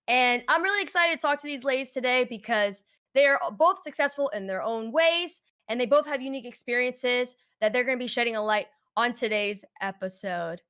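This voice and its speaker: Bright, upbeat woman hosting a chat. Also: fairly high pitch, fairly quick. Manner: upbeat, chatty, with frequent laughs. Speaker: host. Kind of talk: casual interview chat.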